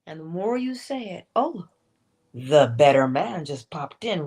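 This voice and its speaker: A woman's voice: low-pitched, sing-song, unhurried, darkish tone, breathy edge. A woman hosting a spiritual morning livestream talk, playful and laughing often as she acts out little quotes.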